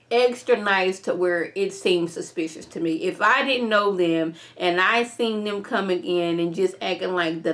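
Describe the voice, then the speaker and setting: A young woman casually recapping and reviewing a TV episode in an opinionated, slangy way. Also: on the low side. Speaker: TV show reviewer.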